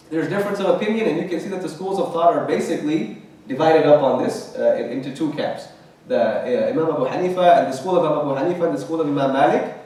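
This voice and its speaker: Male religious class teacher, relaxed and conversational, recorded from afar in a reverberant mosque. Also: on the high side. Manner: conversational, checks in with "right?" often. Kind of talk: Quran commentary class. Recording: very echoey room, distant mic.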